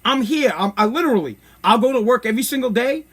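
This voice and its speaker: A man's voice: extremely high pitch, animated, fast talker, fairly bright tone, husky. A man in his thirties hosting a podcast, ranting bluntly in a brash, rambling comedic way. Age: 30s. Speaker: podcast host. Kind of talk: casual comedic rant.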